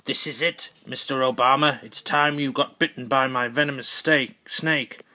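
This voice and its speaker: A man's voice: mid-range voice, fairly even intonation, moderate pace, bright, forceful tone. A man voicing a sneaky male snake henchman who gloats and hisses. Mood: gloating. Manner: hissing, gloating.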